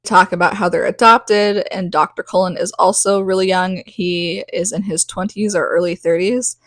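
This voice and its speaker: A woman's voice: on the low side, steady tone, fairly bright tone, no echo. A woman in her thirties hosting a podcast, rambling through a casual book recap with lots of "like". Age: 30s. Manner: rambling, full of "like", acts out quick asides. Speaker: podcast host recapping a novel.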